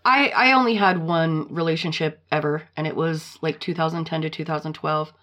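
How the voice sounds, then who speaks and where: A woman hosting a casual podcast, retelling a story in a blunt, profane, animated way. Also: low-pitched, normal speed. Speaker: podcast host.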